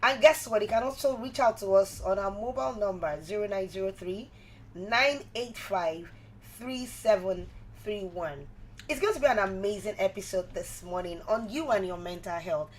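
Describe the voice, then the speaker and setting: A woman's voice: mid-range voice, moderate pace, a little hiss or hum, rough recording. A woman hosting a live radio show on mental health, chatting to listeners and asking them repeated questions. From Nigeria. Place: radio studio.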